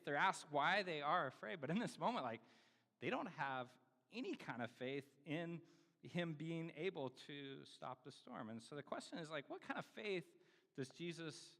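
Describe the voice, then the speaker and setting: A man's voice: a little high, big pitch swings, normal speed, pushed and bright. A man preaching a sermon in a casual, conversational way, with many fillers and self-deprecating asides. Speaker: pastor. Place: church sanctuary. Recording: reverberant church hall.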